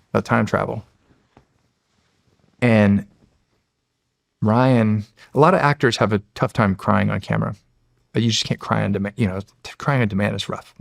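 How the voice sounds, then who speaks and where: A middle-aged man, a former Navy SEAL, telling animated stories as a guest in a long interview, acting out quotes and often restarting his sentences. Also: fairly low pitch, vocal fry, no room sound, clean studio sound. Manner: animated storyteller, acts out quotes, frequent restarts. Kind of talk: storytelling in a long-form interview.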